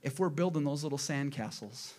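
A man preaching a sermon as pastor in a church, swinging between loud emphatic bursts and soft low asides, asking the congregation questions. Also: expressive, fairly quick. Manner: asks the congregation rhetorical questions.

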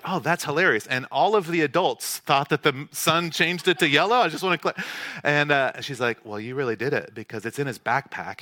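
A man preaches in a relaxed, conversational way, slipping into the voices of his family as he tells a story. His voice is bright and forward, and the sound is dry, close to the mic. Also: mid-range voice, no echo. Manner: casual storytelling, acts out dialogue. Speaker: pastor. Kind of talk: sermon with personal story. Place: church hall.

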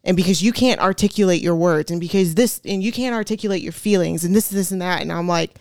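A woman's voice: fairly low pitch, quick pace, darkish tone, no room sound, studio quality. A woman chatting as a podcast guest, telling a personal story in a chatty way with many fillers and frequent laughs. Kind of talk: casual storytelling chat.

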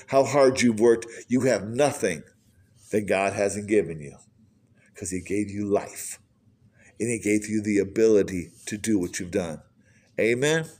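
A pastor preaching an earnest sermon, asking the listeners question after question. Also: male voice, mid-range voice, darkish tone.

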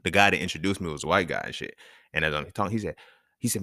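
A man's voice: low-pitched, very fast, pushed and bright, no echo, clean studio sound. A man hosting a podcast, talking in a casual, emphatic and profane monologue, chuckling between points. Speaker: podcast host.

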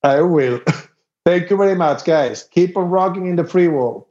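A man with a Spanish accent, a native Spanish speaker, chatting as a podcast guest over a video call, halting and laughing as he searches for English words. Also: sits high, warm tone. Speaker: guest musician. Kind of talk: casual podcast chat. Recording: dull lo-fi video call audio.

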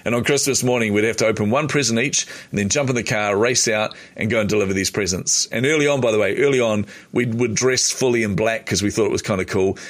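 A man's voice: on the low side, quick pace, hardly any pauses. A middle-aged man with a New Zealand accent, a podcast guest telling stories animatedly and acting out the dialogue. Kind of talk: casual storytelling interview.

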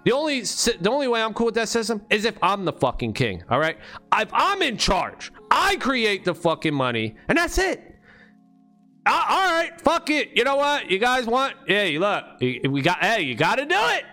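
A man's voice: sits high, wildly swooping pitch, moderate pace, bright, forceful tone, soft background music. A man delivering an unscripted, rambling monologue rant, full of slang and profanity. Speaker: vlogger on money and bitcoin.

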